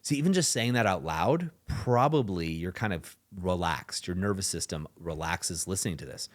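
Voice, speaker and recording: A man's voice: deep voice, expressive, moderate pace. Emphatic man giving relationship advice. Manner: conversational and emphatic, acts out dialogues. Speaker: relationship coach and podcast host. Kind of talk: advice monologue.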